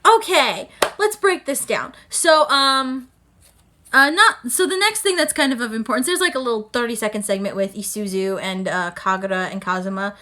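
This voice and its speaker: Bright high-voiced excitable woman vlogger. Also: moderate pace. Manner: excitable, swears freely, exclaims loudly. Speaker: anime reviewer. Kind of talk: casual episode recap vlog.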